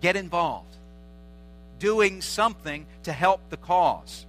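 A man's voice: fairly high pitch, animated, measured pace, a bit bright, faint music behind, poor audio. A man preaching a sermon as a pastor, earnest, driving his points home with repeated short exhortations.

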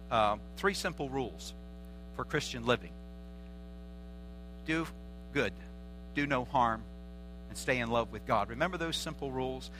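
A male pastor delivering a sermon in an earnest way, repeating short calls to action. His voice sits a little high and sounds bright and forceful. A faint mains hum runs under the recording. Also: poor audio.

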